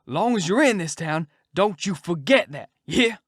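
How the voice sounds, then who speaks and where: A man voicing a blustering old male con man who calls himself a king, snarling and shouting in a storybook reading. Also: fairly high pitch, animated, moderate pace, no echo, clean studio sound. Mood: furious.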